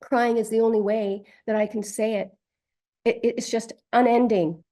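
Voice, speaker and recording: A woman voicing an adult client who relives infant distress, halting and stammering. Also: fairly high pitch, level tone, warm tone, lightly acted. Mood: distraught.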